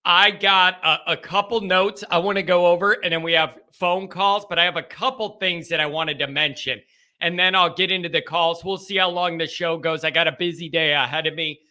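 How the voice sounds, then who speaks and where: A man's voice: high voice, steady tone, fairly quick, pushed and bright. A man hosting a casual call-in sports show, chatting in a rambling, loose way with the odd mild curse. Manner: rambling, chatty, mildly profane. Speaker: sports talk show host.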